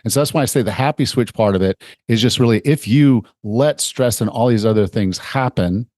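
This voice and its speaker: A man's voice: mid-range voice, brisk, darkish tone, dry recording, studio quality. A middle-aged man hosting a fitness podcast, explaining ideas in a chatty way and acting out little examples. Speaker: podcast host and fitness coach. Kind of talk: conversational interview.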